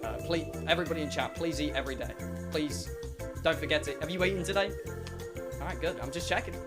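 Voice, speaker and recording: A man's voice: on the high side, fast talker. A man streaming, telling a comic story to his chat, swearing and exaggerating. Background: music.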